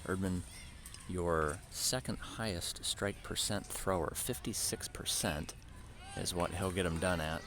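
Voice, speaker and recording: Low-voiced man calling youth baseball. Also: a little slow. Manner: relaxed, chatty, tells side stories. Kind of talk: play-by-play commentary.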